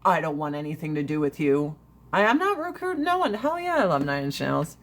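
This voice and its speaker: A woman's voice: low-pitched, very animated, a little fast. A woman in her forties chatting casually with viewers on a livestream, brash and profane, ranting and laughing often. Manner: laughs often between lines.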